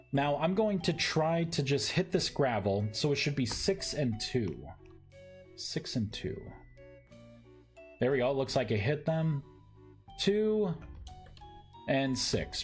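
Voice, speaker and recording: A man's voice: mid-range voice, a little mellow. A man streaming a modded game, thinking aloud in casual chat with many fillers and restarts, over faint background music. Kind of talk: casual live-stream chat while gaming.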